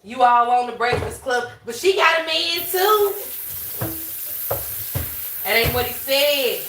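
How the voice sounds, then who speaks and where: A woman's voice: high-pitched, animated, slow pace, a bit bright, a little hiss or hum. A woman hosting a livestream, reading chat and joking loosely with plenty of swearing. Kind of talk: casual chat. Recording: echoey room, mic at a distance.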